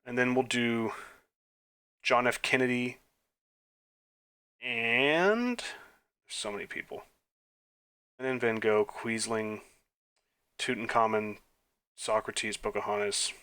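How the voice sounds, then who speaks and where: A man talks his way through an online history quiz, muttering guesses under his breath. His voice is bright and forward, and he breaks into flustered, self-mocking outbursts. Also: mid-range voice, slow pace, pauses often, smooth. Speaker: gaming YouTuber. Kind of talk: quiz playthrough commentary.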